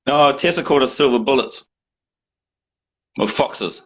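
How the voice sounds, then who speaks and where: A man's voice: medium pitch, animated, a little slow, a bit bright, poor audio. A middle-aged man chatting as a guest on a video call, rambling with dry, self-mocking humor. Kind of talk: casual chat.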